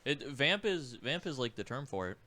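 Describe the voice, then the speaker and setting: A man's voice: mid-range voice, very animated, normal speed, bright, forceful tone, a little hiss or hum. A young man co-hosting a podcast in casual, teasing chat. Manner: teasing, laughing easily. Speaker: podcast co-host.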